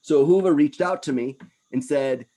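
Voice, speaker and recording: A man in his fifties giving an energetic wellness presentation, animated and talking in quick bursts. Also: on the high side. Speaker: wellness speaker. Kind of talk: presentation talk.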